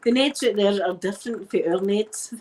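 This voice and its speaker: A middle-aged woman with a Glaswegian Scottish accent, telling stories in a relaxed ASMR chat and dropping Scots words as she goes. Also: medium pitch, a little slow, a little hiss or hum, poor audio. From Scotland. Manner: chatty anecdotal storyteller using Scots words. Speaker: ASMR creator.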